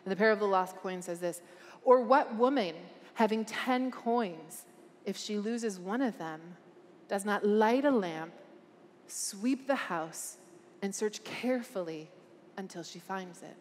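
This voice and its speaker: A woman's voice: mid-range voice, a little slow, a little mellow, in a large hall. A woman speaking at a conference, preaching with earnest emphasis and asking the crowd questions. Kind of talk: preaching a talk. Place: large conference hall.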